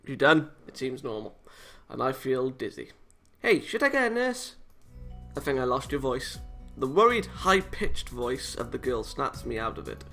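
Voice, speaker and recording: A man's voice: mid-range voice, normal speed, hardly any pauses, bright, forceful tone, soft background music. A man casually reading a visual novel aloud, cutting in with sarcastic, self-mocking jokes. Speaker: let's play host reading a visual novel. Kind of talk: casual read-aloud with joking asides.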